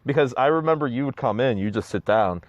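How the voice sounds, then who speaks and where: A man in a casual joking interview, playful and staying in character as a wrestler, now and then bursting into high mock voices. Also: animated, fast talker, dry recording, dull audio.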